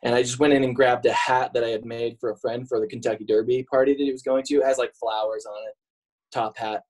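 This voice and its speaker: A man in his forties talks as a podcast guest in easy, casual conversation. He tells stories about himself with a joking, self-mocking manner and a medium-pitched voice. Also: flat delivery, fast, darkish tone, low-quality recording. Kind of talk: casual interview chat.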